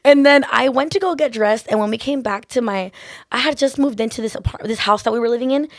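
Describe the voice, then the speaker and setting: A woman's voice: a little high, no room sound, clean studio sound. A woman nail artist telling stories in a casual chat, full of "like" and "literally". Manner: fast, chatty storyteller, lots of "like" and "literally".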